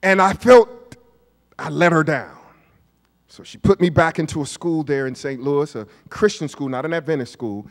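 A man, a pastor preaching a storytelling sermon, moving from hushed asides to shouted peaks. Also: a little high, normal speed. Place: church sanctuary. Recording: long hall reverb of a church.

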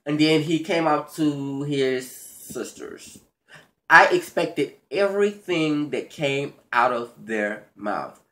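Man vlogger, sassy and profane, casual TV recap rant with swooping pitch. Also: expressive, slow, sharp tone. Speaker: vlogger recapping a reality show.

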